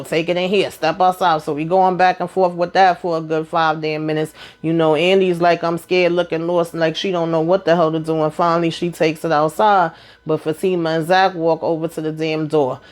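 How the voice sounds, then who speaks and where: A woman casually recapping a TV episode, acting out characters' lines in quick, animated bursts and blunt, profane asides. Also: lowish voice. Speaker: TV show recap host.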